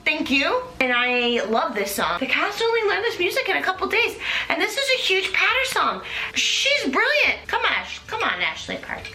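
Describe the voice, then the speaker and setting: High, animated young woman host in an echoey room. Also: moderate pace, faint music behind. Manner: animated, rambling, filler-heavy, playful. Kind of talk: comedic casual chat. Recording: echoey room with faint noise.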